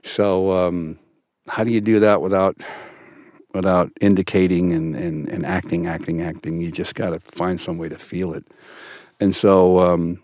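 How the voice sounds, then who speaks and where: An older man, an actor guest in a studio podcast interview, telling stories in an animated way with many restarts. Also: low-pitched, unhurried, no echo. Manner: animated storyteller, frequent restarts.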